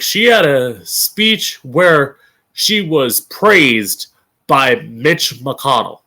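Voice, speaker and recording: A man hosts his own live-streamed opinion show, tearing into his targets with blunt, profane sarcasm. His voice sits on the higher side for a man and leaps up and down in pitch. He stretches out words for scornful emphasis. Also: bright, forceful tone. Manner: emphatic, drawn-out stress on key words. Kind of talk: ranting political commentary.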